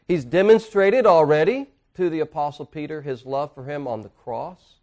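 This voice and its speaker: A man pastor preaching a sermon in church, earnestly, dropping to quiet asides and rising to emphatic points. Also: on the high side, normal speed. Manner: earnest preaching, swinging between hushed and emphatic.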